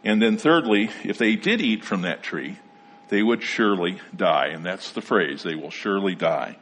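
A man preaching a sermon, explaining scripture in a measured teaching manner and reading passages aloud. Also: deep voice, expressive, fairly bright tone, slight background noise. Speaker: pastor.

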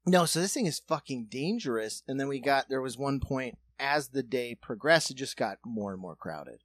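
A man co-hosting a podcast, telling a story in casual chat and acting out the voices and shouts of the people in it. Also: medium pitch, lively intonation, normal speed. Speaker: podcast co-host.

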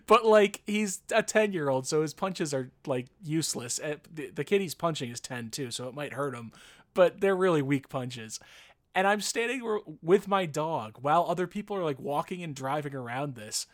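Animated, swearing storyteller man. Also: a little high, moderate pace. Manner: animated storyteller, swears, acts out voices with laughs. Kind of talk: casual chat, storytelling. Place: Los Angeles area.

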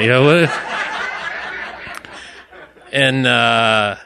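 A man's voice: fairly low pitch, measured pace, noisy background. A man from Orlando telling a personal story on stage to a live audience, chatty and self-deprecating, with apologetic asides. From Orlando, Florida. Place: live stage event in a bar venue.

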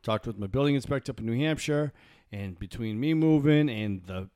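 A man's voice: medium pitch, fairly quick, darkish tone, smooth, dry recording. Guy chatting loose and jokey, does little impressions, dry close sound. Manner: jokey, self-deprecating, does voices and impressions. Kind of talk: casual chat.

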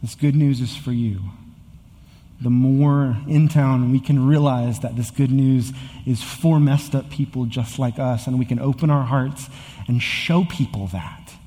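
A man's voice: mid-range voice, mellow, in a large hall. A man in his thirties preaching a sermon as a pastor, earnest and building to emphatic repetition. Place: church sanctuary with long reverb.

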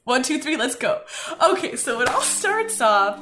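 A woman's voice: high-pitched, very animated, moderate pace, pushed and bright, slight background noise. A young woman casually recapping a film plot, giggling, rambling and swearing freely as she goes. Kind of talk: casual chat.

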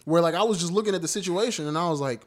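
Podcast host, male, fast and animated, slightly high voice, loose profane storyteller. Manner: animated storyteller, swears freely. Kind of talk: casual chat.

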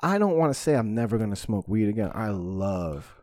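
A man's voice: fairly low pitch, big pitch swings, fairly quick, mellow, no room sound, studio quality. A man hosting a podcast, telling a personal story in frank, profane casual talk and acting out his own reactions. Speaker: podcast host.

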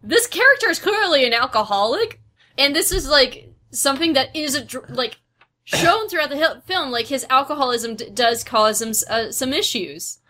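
Woman, podcast co-host, casual film chat, chatty, halting, bright, slightly high. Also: animated. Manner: chatty, laughing, halting restarts.

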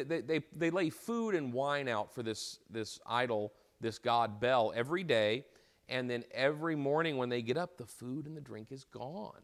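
A man's voice: medium pitch, a bit bright. A man teaching an informal lecture as a Bible teacher, retelling a story in a conversational way and often repeating and restarting his words.

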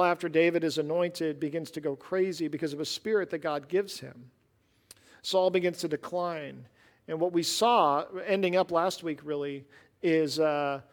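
A man's voice: on the high side, big-room sound. A man preaching a sermon as a pastor, reading scripture with rising emphasis, then explaining it conversationally and with dry sarcasm.

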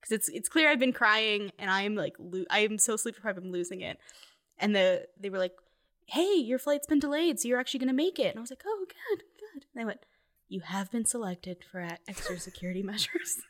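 A woman's voice: mid-range voice, expressive, a little fast, a bit bright. A young woman telling a personal story in casual conversation, full of fillers and laughing asides. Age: young adult. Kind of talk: casual chat.

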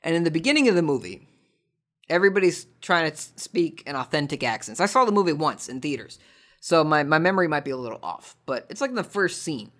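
A man's voice: on the high side, big pitch swings, quick pace, fairly bright tone. A man hosting a podcast, answering listener questions in a rambling, tongue-in-cheek monologue full of false starts and repeated words. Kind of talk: casual comedic monologue.

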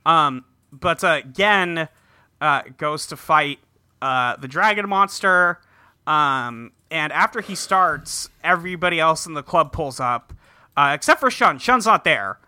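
A man's voice: a little high, expressive, a little slow, sharp tone, dry recording, clean studio sound. A man co-hosting a podcast, recapping an episode in laid-back, chatty talk and laughing easily. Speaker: podcast co-host recapping a show. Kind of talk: casual chat.

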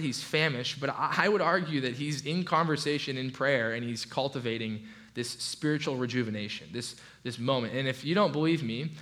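Guy preaching casually, chatty sermon, mid pitch, lots of restarts. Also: a bit bright. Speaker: pastor.

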